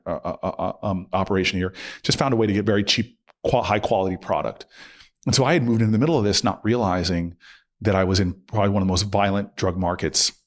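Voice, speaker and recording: Lower-voiced man telling a lively story. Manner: animated, acts out quotes with laughs. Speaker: guest. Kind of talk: conversational storytelling.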